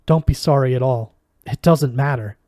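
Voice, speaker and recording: A man's voice: medium pitch, moderate pace, warm tone, dry recording, clean studio sound, lightly acted. A man reading aloud, voicing a young male magician who reassures his friend. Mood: reassuring.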